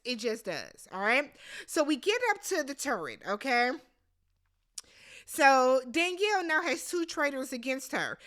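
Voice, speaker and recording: Animated, blunt woman recapping reality TV. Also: high voice. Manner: animated, blunt, swears freely, exclaims. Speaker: recap host. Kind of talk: casual TV recap commentary.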